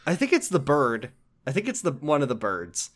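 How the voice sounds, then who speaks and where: Podcast guy recapping a game, rambly and animated, swears a lot, laughs mid sentence. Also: fairly high pitch, moderate pace. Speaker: podcast host. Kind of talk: casual chat recapping a video game.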